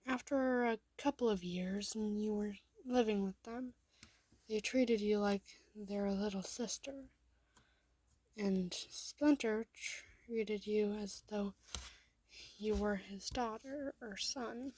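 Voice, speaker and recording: A woman's voice: mid-range voice, takes it slowly, a little mellow, no echo. A woman reading a second-person fan story aloud, often in a half-whisper.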